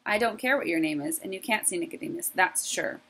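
A woman voicing a big young male guard rat, blunt, loud and rude, with a husky, gravelly voice. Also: lowish voice, animated, a little fast, exaggerated voice, rough recording. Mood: stern.

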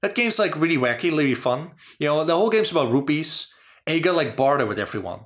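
A man's voice: on the high side, lively intonation, fast. A man hosting a casual talk about game design, rambling with lots of "you know" and "like". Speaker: channel host.

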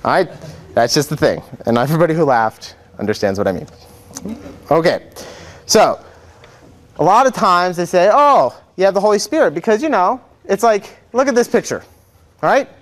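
A man's voice: fairly high pitch, expressive, moderate pace, pauses often. A young man, a seminarian, teaching an adult faith class in a chatty, joking way, acting out quotes. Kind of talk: informal classroom lecture. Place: church classroom.

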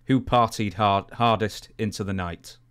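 British male interviewer, lowish voice, polite, easygoing. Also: unhurried, fairly bright tone, smooth. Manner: polite, apologetic, self-deprecating. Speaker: interviewer, podcast host. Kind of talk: casual interview.

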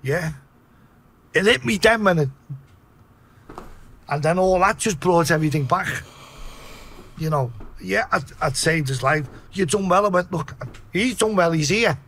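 A man with a Liverpool accent telling a story in a casual way, swearing a lot and acting out his own shouts. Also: high voice, expressive, unhurried, long pauses. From Liverpool, England.

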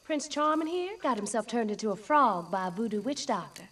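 A determined young woman on a journey, practical and brisk, as a young actress plays her. She speaks matter-of-factly in a slightly high voice. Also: animated, a bit bright, slightly rough. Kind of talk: school musical theater.

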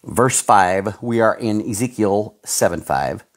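A male pastor preaching a fiery sermon, dropping to low growls and rising to high shouts, with folksy slang. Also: animated, unhurried. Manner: folksy slang, calls listeners pal and folks.

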